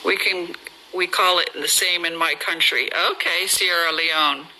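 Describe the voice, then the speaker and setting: A middle-aged woman hosting a live stream on her phone, telling stories in a chatty, animated way and laughing often. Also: on the low side, measured pace, low-quality recording. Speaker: livestream host. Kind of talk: casual storytelling on a live stream.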